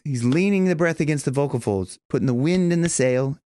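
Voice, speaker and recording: A male vocal coach explains technique with a fairly high speaking voice. He talks in loose, halting restarts and takes audible breaths as he demonstrates. The recording is close and dry, with no room around it. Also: animated, a little mellow, no echo. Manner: loose, demonstrating, breathy gasps between points.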